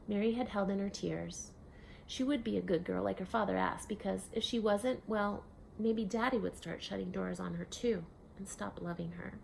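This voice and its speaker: A woman reading a children's novel aloud, expressive, with soft hushed asides. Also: medium pitch, gravelly, slight background noise. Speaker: storyteller. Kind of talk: storybook reading.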